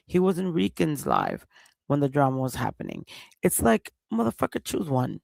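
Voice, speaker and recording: A man ranting on his livestream with a gravelly, crackly voice. He talks slowly and heatedly, with plenty of profanity. The sound is dry and close to the mic. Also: on the high side, wildly swooping pitch, no echo. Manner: heated, profane, repeats himself. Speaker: livestream host. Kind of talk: casual livestream rant.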